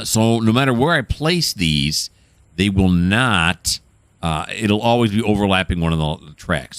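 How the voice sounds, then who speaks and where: A man's voice: lowish voice, a bit bright, dry recording. A man casually commenting while playing a train game, rambling and correcting himself as he goes. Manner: rambling, self-correcting, chatty. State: hiccuping. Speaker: gameplay host.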